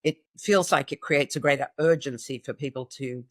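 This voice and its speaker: A woman hosting a podcast interview, talking in a lively, enthusiastic way. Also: extremely low pitch, normal speed, no room sound. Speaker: podcast host. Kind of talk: conversational interview.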